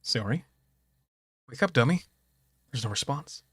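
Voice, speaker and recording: A man streaming a game, reading its dialogue aloud and breaking off into excitable, profane reactions. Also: medium pitch, measured pace, husky, no echo, studio quality.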